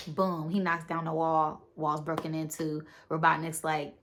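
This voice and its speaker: A woman with a fairly low voice recaps a movie in a loose, rambling way. She keeps adding filler words and slips briefly into the characters' lines. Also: little pitch movement, measured pace, few pauses. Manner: rambling, with many fillers and acted-out quotes. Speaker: movie reviewer.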